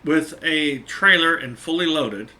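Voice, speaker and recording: Slow, sharp-voiced man spinning a road yarn. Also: a little high. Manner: chuckling, drawn-out, repeats points for emphasis. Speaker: truck driver telling a road story. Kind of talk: casual storytelling.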